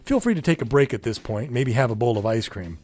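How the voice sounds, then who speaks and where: A man giving calm, earnest scripted narration for a parenting course, sometimes acting out a child's pleading questions. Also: fast, soft background music. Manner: calm, earnest, acts out children's pleas in a higher voice.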